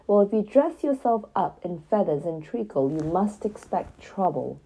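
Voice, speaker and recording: Sly storybook cat, read by a woman, taunting and menacing, mellow husky voice. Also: mid-range voice, big pitch swings, moderate pace, poor audio. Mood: scornful. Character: big black male kitchen cat, sly and menacing.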